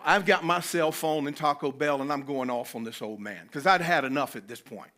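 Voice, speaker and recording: A man's voice: a little high, brisk, few pauses, bright, forceful tone. A man, telling a personal story animatedly as a conference speaker. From North Carolina, US. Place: conference venue.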